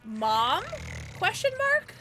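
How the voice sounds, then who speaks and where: A woman's voice: high-pitched, wildly swooping pitch, extremely slow, over music. A young adult woman live-streaming a horror game, chatting with viewers and shrieking at jump scares. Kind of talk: live gameplay commentary.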